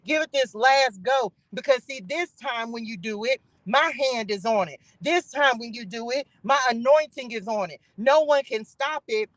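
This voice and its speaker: A woman's voice: on the high side, lively intonation, normal speed, hardly any pauses, a bit bright, no room sound, poor audio. A woman hosting a channel who delivers an informal spiritual message. She preaches, calls out to the Spirit and repeats phrases for emphasis. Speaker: spiritual reader and channel host.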